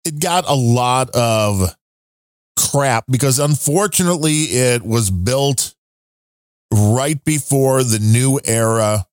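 A man's voice: mid-range voice, expressive, takes it slowly, no room sound, studio quality. A man hosting a podcast in casual chat, rambling along with fillers and asides. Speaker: podcast host.

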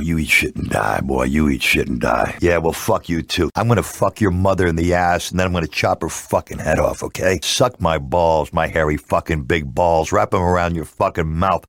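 An actor voicing a foul-mouthed, gruff male commando in a video game, barking profane taunts in a gravelly voice. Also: lowish voice, a bit bright, no room sound, clean studio sound, full character voice.

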